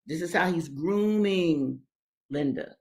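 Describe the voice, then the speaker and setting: A woman reads a slave narrative aloud, breaking off often to explain it, and she speaks straight to her listeners. Her delivery is slow and emphatic. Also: fairly low pitch, animated, a little mellow. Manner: emphatic, talks directly to listeners. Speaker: reader and commentator.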